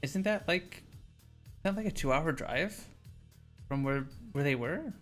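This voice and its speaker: A man's voice: fairly high pitch, lively intonation, a little slow, fairly bright tone, soft background music. Giggly, playful male streamer. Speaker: streamer host. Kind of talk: casual chat.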